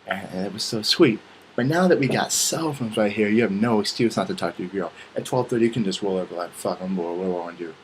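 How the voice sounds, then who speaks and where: Talking fast in a fairly low voice, a young vlogger goes on a funny, expletive-heavy rant, acting out dialogue along the way. He's animated, and the rough recording has slight background noise.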